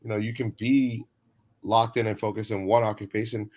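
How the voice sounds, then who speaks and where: A man's voice: lowish voice, flat delivery, brisk, darkish tone. A man co-hosting a casual talk show, laid-back and laughing easily. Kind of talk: casual chat.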